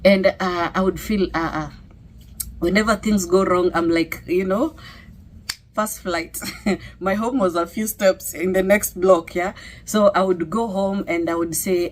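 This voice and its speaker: A woman's voice: on the low side, fairly even intonation, normal speed. A middle-aged woman with a Kenyan accent sharing a personal testimony in a conversational way, full of fillers and "okay?" tags. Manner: conversational, many fillers and tag questions.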